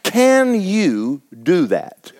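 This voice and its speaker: Animated folksy preacher man. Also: high voice, very slow. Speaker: pastor. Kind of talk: sermon.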